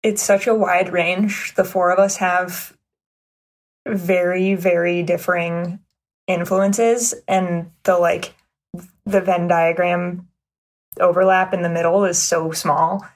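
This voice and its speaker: A woman with a husky, slightly low voice talks easily about her band. She keeps a relaxed, conversational manner and laughs between remarks. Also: slow. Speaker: band member. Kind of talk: casual chat.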